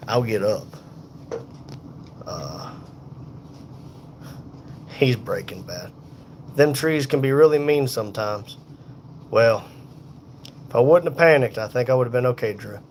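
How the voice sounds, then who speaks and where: A man in pain and tired, hosting a casual livestream from a hospital room on a phone, reading viewer comments aloud in an unhurried, folksy way. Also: medium pitch, animated, a little mellow, a little hiss or hum. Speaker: livestream host reading chat. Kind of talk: casual live chat.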